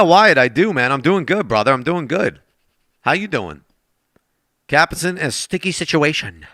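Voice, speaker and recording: Lively, bright-voiced male game streamer. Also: medium pitch, clear, resonant tone, dry recording, studio quality. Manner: chatty, thanks donors, talks straight to chat. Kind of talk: casual live-stream chat with viewers. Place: at a desk.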